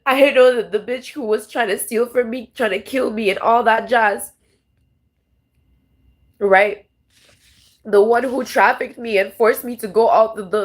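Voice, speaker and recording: Speaking on the high side, a female tarot vlogger talks straight to camera. It's a raw, wandering, emotional monologue, peppered with curses and restarted sentences.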